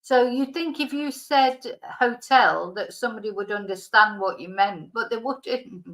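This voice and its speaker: A woman co-hosts a live language lesson with a somewhat high voice. She chimes in with easy, conversational asides that back up the main teacher. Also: a little slow, a bit bright, rough recording. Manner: conversational, chiming in with remarks.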